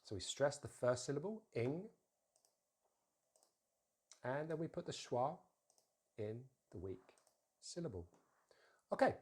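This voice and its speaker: A man teaching an English pronunciation lesson, saying model words slowly and repeating them for practice. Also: mid-range voice, sing-song, darkish tone.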